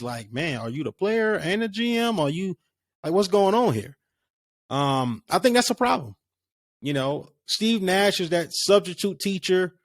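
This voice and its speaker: A man's voice: fairly high pitch, no room sound, studio quality. A man hosting a casual solo sports podcast, rambling with lots of fillers and restarts. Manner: rambling, conversational, many fillers.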